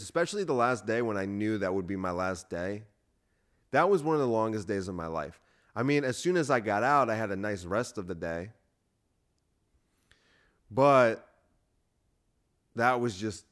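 A man hosting a podcast, telling a rambling story in a self-deprecating, casual way, full of restarts and fillers. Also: on the low side. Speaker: podcast host, comedian.

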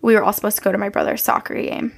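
Gravelly-voiced young woman spinning stories. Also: mid-range voice, flat delivery, racing. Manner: chatty, rambling storyteller with frequent laughs. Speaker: podcast co-host. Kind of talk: casual chat, telling personal ghost stories.

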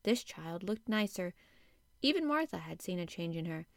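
A woman reading a classic children's novel aloud, measured and gentle. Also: fairly low pitch, big pitch swings, dry recording, studio quality. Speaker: audiobook narrator. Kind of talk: storybook narration.

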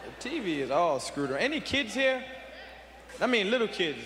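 A man's voice: high voice, sing-song, normal speed. A young man doing profane stand-up comedy on a large arena stage, jumping into voices and impressions. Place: large arena stage before a live audience. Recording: echoey arena with loud crowd noise.

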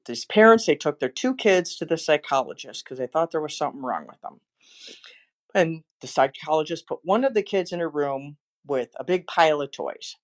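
A woman with a fairly low voice hosts a motivational podcast. She talks in an encouraging, storytelling way as she gives an inspirational talk. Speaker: motivational speaker and podcast host.

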